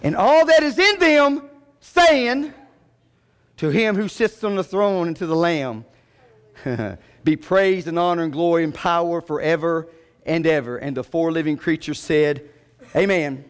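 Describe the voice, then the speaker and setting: A man preaching a sermon, dropping to low murmurs and rising to loud, high calls. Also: measured pace, clean tone. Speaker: pastor. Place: church sanctuary. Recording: long church reverb.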